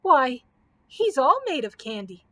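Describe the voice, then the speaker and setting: A woman voicing a plucky, quick-witted young girl with a bright, lively delivery in a storybook reading. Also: high-pitched, breathy edge, heavily acted.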